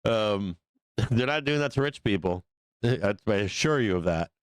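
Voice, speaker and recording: A man's voice: fairly low pitch, lively intonation, normal speed, smooth, no room sound. A man hosting a live stock market stream, talking casually and ranting with frustration, swearing freely and laughing often. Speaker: stock market show host.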